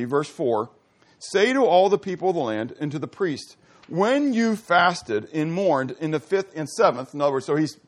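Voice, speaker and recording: A male pastor preaching a sermon, asking rhetorical questions and restarting phrases with stammers. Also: a little high.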